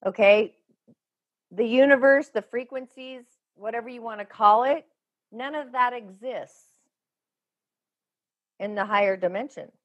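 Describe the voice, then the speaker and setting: A woman with a slightly raised pitch, speaking as a guest medium on a podcast. She talks in a chatty, emphatic and frank way, piling up loose phrases as she goes. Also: lo-fi sound. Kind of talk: casual interview talk.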